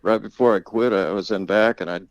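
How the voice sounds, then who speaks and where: Deep-voiced older man telling rambling stories. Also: steady tone, brisk, no echo, muffled recording. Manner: rambling, laughs often, swears freely. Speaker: interviewee, father of the host. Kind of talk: casual storytelling.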